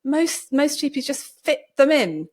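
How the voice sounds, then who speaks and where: A woman hosting a podcast, talking casually and telling stories in a lively way with many restarts. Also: high-pitched, a little slow. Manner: lively storytelling with frequent restarts. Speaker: podcast host and doctor. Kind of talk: casual conversation.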